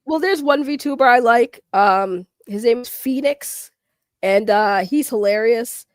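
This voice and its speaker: Woman, podcast host, animated teasing rant, raised pitch, dry mic. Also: a little slow, no echo. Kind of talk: casual rant chat.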